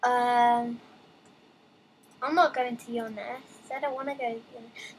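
A young woman casually commenting while playing a game, reading on-screen text aloud with excitable, chatty asides. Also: fairly high pitch, a little slow, slight background noise, poor audio. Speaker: let's play gamer.

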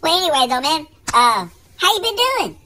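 A woman voicing an excitable male buddy in a comedy sketch, who keeps gasping in disbelief at every twist. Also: sits high, moderate pace, pitched above the performer's own voice, heavily acted. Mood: excited.

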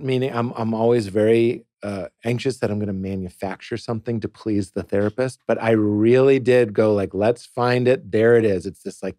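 A man, a comedian guest, tells a personal story in a podcast studio, animated and playful, slipping into quoted voices. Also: lowish voice, dry recording. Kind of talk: casual podcast conversation.

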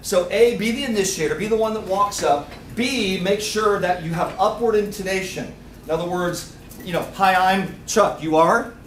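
A man giving a lively seminar talk, quizzing the audience and acting out little scenes. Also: sits high, normal speed, a little hiss or hum. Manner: energetic, quizzes the crowd, acts out little scenes. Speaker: seminar speaker. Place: meeting room with audience. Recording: echoey room, picked up from a distance.

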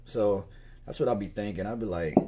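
A man's voice: lowish voice, fairly quick, background noise. A man talking in a loose, slangy, meandering way while he chats casually to camera. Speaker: gun owner vlogger. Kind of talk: casual rambling chat.

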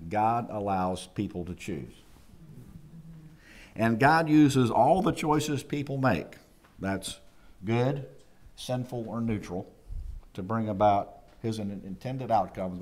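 A man preaching a chapel sermon, lively and acting out quoted voices. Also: fairly low pitch, slow pace, pauses often. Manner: animated, acts out quoted voices. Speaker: chapel speaker. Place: college chapel.

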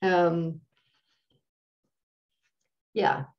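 Woman, meditation teacher, lowish voice, slow and hesitant, fillers, dull lo-fi recording. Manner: unhurried, searching for words with many fillers. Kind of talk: dharma talk introducing a practice.

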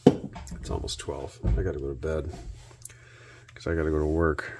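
A man hosting a repair video, narrating his work out loud with dry little jokes to himself. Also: very deep voice, little pitch movement, moderate pace, noisy background. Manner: self-talk with dry jokes. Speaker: host.

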